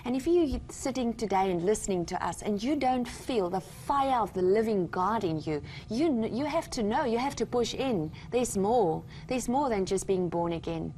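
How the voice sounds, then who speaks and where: A woman's voice: mid-range voice, lively intonation, normal speed, few pauses, dark tone, a little hiss or hum. A woman from South Africa with a South African accent, giving an earnest, emphatic testimony as a guest on a Christian talk show. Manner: earnest, emphatic, retells conversations with God.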